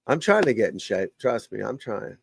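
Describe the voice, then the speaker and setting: A man's voice: lowish voice, big pitch swings, moderate pace, creaky, breathy edge. An older man, a golf coach, hosting a casual live stream and talking bluntly and profanely, rambling from one thought to the next.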